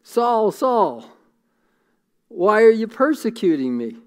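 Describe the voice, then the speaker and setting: A man voicing Jesus as a calm, commanding voice from heaven, solemn and measured. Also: sits high, voice pushed up, heavily acted.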